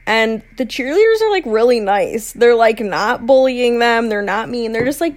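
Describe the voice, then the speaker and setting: A woman's voice: on the high side, animated, normal speed, few pauses. A woman with a Midwestern American accent, co-hosting a podcast and chatting casually and talkatively. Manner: talkative, lots of likes. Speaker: podcast co-host. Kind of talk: casual chat.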